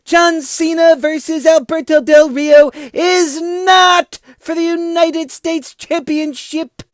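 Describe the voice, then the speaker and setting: A man voicing an angry online commenter who scolds in a shrill, mocking, drawn-out way. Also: steady tone, dry recording, studio quality. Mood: scolding.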